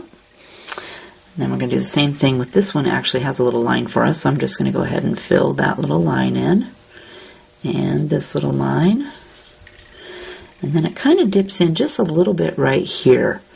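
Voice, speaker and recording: A woman calmly talking through a step-by-step card-coloring tutorial, describing each stroke as she works. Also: low voice, vocal fry, slightly rough. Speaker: card-making instructor.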